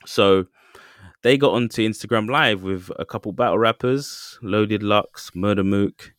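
A podcast co-host tells a story loosely in casual chat, with lots of fillers and asides. His voice is lowish and fairly bright, his pace measured, and the studio sound is clean with no room sound.

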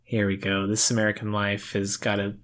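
A man's voice: lowish voice, completely flat delivery, brisk, fairly bright tone. A young adult man co-hosting a podcast, chatting in a laid-back, joking way about a film. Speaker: podcast co-host. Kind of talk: casual film chat.

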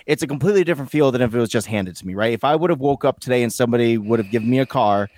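A man's voice: mid-range voice, no room sound. A man co-hosting a podcast, talking with rambling enthusiasm and casual swearing. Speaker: podcast co-host. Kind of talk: casual chat.

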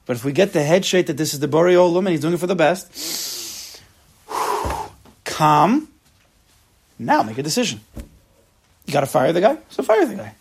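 A man's voice: fairly high pitch, normal speed, gravelly, long pauses, slightly rough. A man teaching an informal religious class, talking straight to his listeners and acting out the people in his stories. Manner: lively, acts out quotes, talks to the class.

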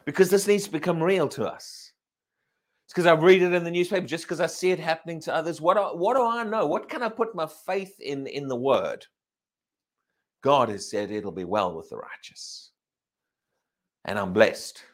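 A man's voice: fairly high pitch, normal speed. A man preaching a sermon, asking the congregation rhetorical questions, repeating himself and restarting phrases, and drawing out key words for emphasis. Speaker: pastor.

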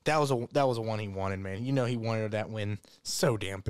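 A man's voice: fairly low pitch, a little fast, smooth, no echo, studio quality. A man co-hosting a casual sports podcast in a laid-back way, laughing often and calling people "man" and "bro.". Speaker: podcast co-host.

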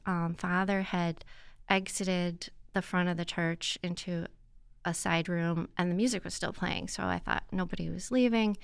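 Woman, guest, earnest reflective storytelling, soft hesitations, gravelly voice, dry recording. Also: lowish voice, no echo. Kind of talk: personal testimony in conversation.

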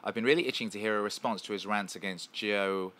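A man hosting a casual livestream, reading out viewer comments and riffing playfully with lots of repetition and shout-outs. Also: on the low side, steady tone, fast talker. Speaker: show host.

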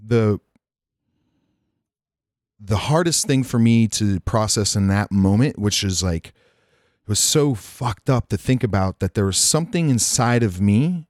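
A man's voice: on the low side, darkish tone, dry recording, studio quality. A man telling a candid personal story in casual podcast chat, frank and rambling, swearing freely. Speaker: podcast guest. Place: Nashville.

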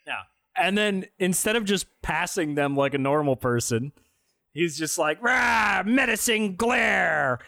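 A man's voice: a little high, normal speed, no room sound, studio quality. A man co-hosting a casual movie-review podcast, joking and acting out lines from the film. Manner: animated, mocking, acts out movie lines. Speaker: podcast co-host.

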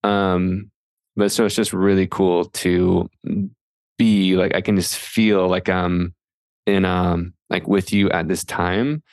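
Man, podcast host, very low voice, rambling, enthusiastic, dry recording. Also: level tone, slow pace, a little mellow, dry recording. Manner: enthusiastic, rambling, lots of fillers. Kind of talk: casual podcast interview.

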